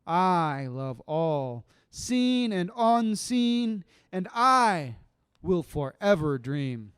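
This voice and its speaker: A man performing his own poetry on a live stream, chanting lines slowly and swinging from loud declaiming to quiet, rambling asides. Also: sits high, very animated, clean tone, dry recording, clean studio sound. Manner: rambling and laid-back between poems.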